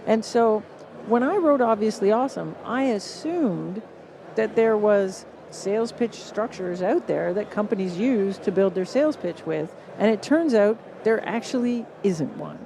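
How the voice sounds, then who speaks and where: A woman with a Canadian accent, a guest on a live podcast at a conference stage, explaining with lively acted-out quotes. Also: mid-range voice, unhurried, creaky, a little hiss or hum. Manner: animated, acts out what others say. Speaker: guest author.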